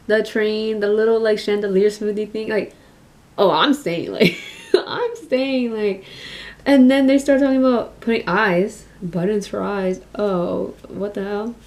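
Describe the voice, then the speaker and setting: A young woman vlogger chats casually while doing her makeup, speaking softly and a bit mumbly with lots of fillers. Her pitch is medium.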